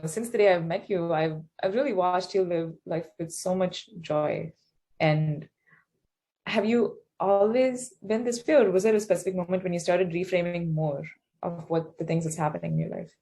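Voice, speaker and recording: A woman's voice: fairly low pitch, warm tone. A woman hosting a live audio Q&A, friendly and laughing, with frequent ums. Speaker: host.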